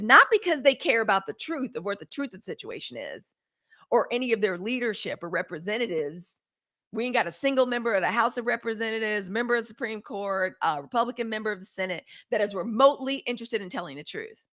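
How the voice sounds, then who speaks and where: A woman hosting a daily live news stream, talking in a sassy, animated way straight to her viewers. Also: mid-range voice. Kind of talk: casual live-stream commentary.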